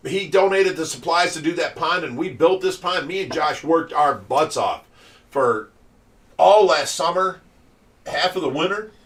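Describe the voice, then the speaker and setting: A man's voice: a little high, lively intonation, a little slow, fairly bright tone. A man hosting a casual livestream for a fish rescue, telling stories and laughing often. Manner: chatty storyteller who laughs often. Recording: voice distant from the mic.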